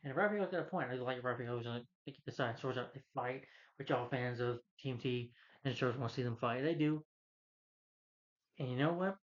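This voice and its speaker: A man's voice: mid-range voice, normal speed, muffled recording. A man reviewing a film, casually retelling its plot in a loose, rambling way with plenty of "you know".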